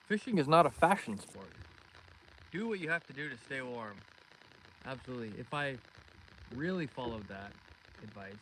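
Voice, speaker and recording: Man, easygoing fishing streamer greeting viewers, mid pitch, recorded outdoors by phone with clear wind noise. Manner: chatty, greets viewers by name. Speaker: fishing livestream host. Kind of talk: casual live-stream chat. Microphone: phone streaming live.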